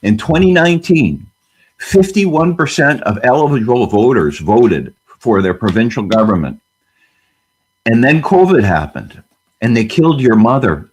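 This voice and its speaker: A man's voice: mid-range voice, big pitch swings, unhurried, darkish tone, husky. A man speaking as a guest on a panel discussion, fiery and emphatic, firing off rhetorical questions.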